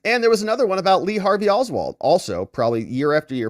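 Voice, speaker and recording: A man's voice: mid-range voice, very animated, fast, no room sound, studio quality. A man hosting a legal commentary stream, sarcastic and mocking, acting out quotes from the people he discusses. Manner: sarcastic, mocking, acts out quotes in shifting voices. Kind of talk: livestream commentary.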